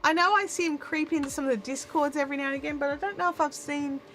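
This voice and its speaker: A woman's voice: high voice, quick pace, fairly bright tone. A woman with an Australian accent hosting a live stream, chatting casually to viewers in a rambling way with lots of restarts, on a good microphone. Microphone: good studio microphone.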